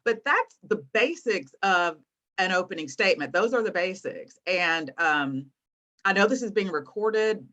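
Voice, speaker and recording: A woman in her thirties, a guest teacher, explaining things to students in an encouraging, animated way over a video call. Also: medium pitch, unhurried, highs cut off. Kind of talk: online class teaching.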